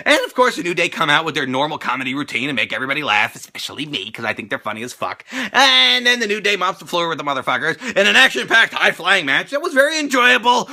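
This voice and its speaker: Brief: loud-mouthed male wrestling reviewer, gravelly, lively swings, cusses freely. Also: on the high side, fast talker. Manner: profane, sarcastic, animated ranting. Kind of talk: ranting video review.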